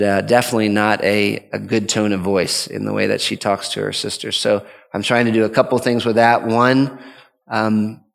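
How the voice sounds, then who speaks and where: With a fairly low pitch and noticeable vocal fry, a man teaches on parenting as a father. His talk is earnest and conversational, rambling with many restarts, and the sound carries a big-room quality.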